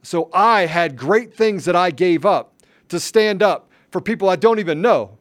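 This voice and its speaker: A man's voice: sits high, expressive, moderate pace. A man hosting a podcast, delivering impassioned political commentary with emphatic, repeated phrases. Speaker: podcast host.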